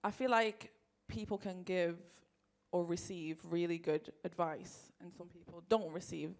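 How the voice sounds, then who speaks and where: A woman hosts a live panel conversation in a low, gravelly voice with plenty of vocal fry. She sounds relaxed and puts open questions to her guest. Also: measured pace. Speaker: panel moderator.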